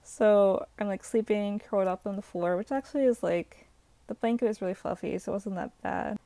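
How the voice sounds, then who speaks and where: Gravelly-voiced young woman telling a rambling story. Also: medium pitch, fairly quick, mellow, no echo. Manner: rambling, filler-heavy, exasperated. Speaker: vlogger. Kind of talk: casual storytime. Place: hotel room.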